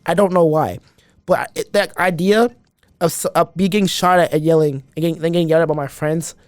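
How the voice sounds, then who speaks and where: A man's voice: a little high, fairly even intonation, fast talker, no echo. A man guest on a podcast, chatting casually and animatedly, rambling with lots of restarts. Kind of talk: casual chat.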